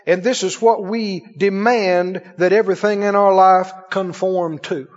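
High-voiced preacher in an echoing hall. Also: male voice, steady tone, unhurried. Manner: chuckling, with rhetorical questions to the congregation. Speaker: pastor. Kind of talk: sermon. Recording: dull, lo-fi sound in a reverberant hall.

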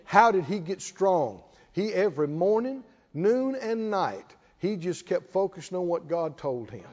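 A man preaching a fervent sermon, moving from hushed tones to shouted repetition as the congregation answers. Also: high voice, very animated, a little slow. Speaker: pastor. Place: church hall with congregation responding. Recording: dull hall reverb, lo-fi.

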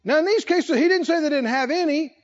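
Preacher guy with a real high voice, keeps asking the congregation questions and chuckling, dull lo-fi recording. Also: fairly quick. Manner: asks the congregation questions and chuckles between points. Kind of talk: conversational sermon.

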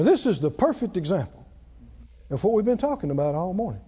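High, lively preacher in a reverberant hall. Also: male voice, brisk, breathy edge. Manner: dramatic swings between loud and hushed. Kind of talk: sermon. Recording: muffled sound with long hall reverb.

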